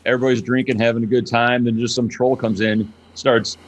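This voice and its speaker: A male poker streamer chats as a podcast guest in a relaxed, easygoing way. He keeps his phrasing plain and everyday, often slipping in "you know". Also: mid-range voice, brisk, highs cut off. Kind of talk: casual interview chat.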